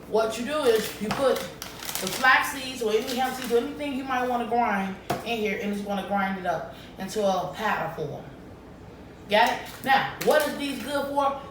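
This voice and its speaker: A woman vlogging casually to camera in a lively way, often checking in with her viewers. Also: on the high side. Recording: echoey room, distant mic, faint noise.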